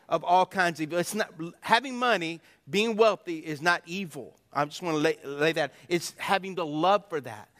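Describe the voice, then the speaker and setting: High bright-voiced pastor, echoing hall. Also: male voice. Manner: folksy, repetitive, calls for congregation response. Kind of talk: sermon. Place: church sanctuary.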